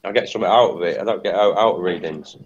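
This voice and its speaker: A man's voice: deep voice, fast talker, husky. Blunt, sweary man. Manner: swearing, blunt anecdote-telling with quoted voices. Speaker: psychic guest. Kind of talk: casual chat, storytelling. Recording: dull lo-fi audio.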